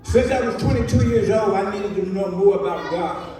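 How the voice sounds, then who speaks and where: A man, a reverend, telling a personal story at a celebration and acting out the dialogue in a lively way. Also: sits high, moderate pace, slight background noise. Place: large hall. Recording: echoey hall from far off.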